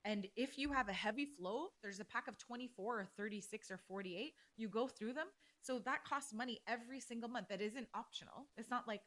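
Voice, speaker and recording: A woman's voice: a little high, fairly quick, hardly any pauses, fairly bright tone. A woman hosting a casual solo podcast, ranting bluntly and heatedly with plenty of swearing. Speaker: podcast host.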